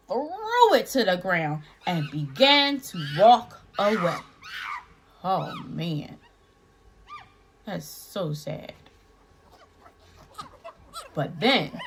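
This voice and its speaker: A woman reading a picture book aloud to young children, playful and asking them questions with dramatic pauses. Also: a little high, a little hiss or hum. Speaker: children's story reader. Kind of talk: animated children's read-aloud.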